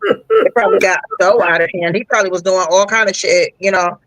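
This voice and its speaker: Podcast co-host guy, high bright voice, reflective and agreeable, dry close sound. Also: a little fast, no room sound, rough recording. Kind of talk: casual chat.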